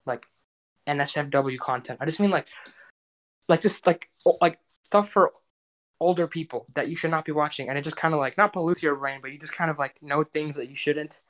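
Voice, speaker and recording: A man's voice: fairly high pitch, fairly bright tone. Young male co-host, loose and rambling, casual podcast banter. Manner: rambling with many fillers. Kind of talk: casual chat.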